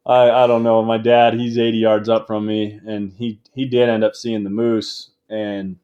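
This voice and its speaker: A young man telling a hunting story in casual talk, animated and laughing as he goes. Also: lowish voice, normal speed, dull audio. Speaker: guest, game call maker.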